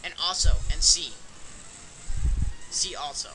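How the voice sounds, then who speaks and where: Let's play cohost, high animated voice, teasing jokester, noisy recording. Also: male voice, takes it slowly. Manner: joking, teasing, playful bits and mock accents. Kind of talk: casual game commentary.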